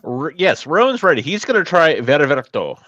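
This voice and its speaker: Male player, animated pitch, dry and lo-fi sound. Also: normal speed, no echo. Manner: easygoing, describes his character's moves. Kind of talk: tabletop game play. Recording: dull dry mic sound.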